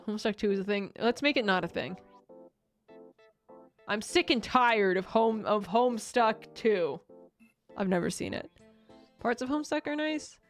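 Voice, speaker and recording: A woman streamer chats casually with her viewers, rambling, poking fun at herself, and frequently breaking into laughter. Her voice is on the high side.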